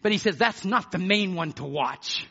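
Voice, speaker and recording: Fervent high-pitched shouting preacher. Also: male voice, expressive, moderate pace, vocal fry, husky, dull audio. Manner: fervent, swings between shouting and hushed asides. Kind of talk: fiery sermon.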